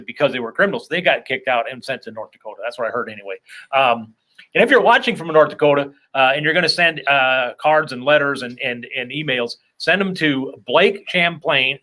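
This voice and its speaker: A man hosting a loose comedy chat, wandering off into jokes at his own expense. His voice is bright and forward at a middling pitch. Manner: rambling, self-deprecating, joking asides. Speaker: podcast host. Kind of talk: casual comedic interview chat.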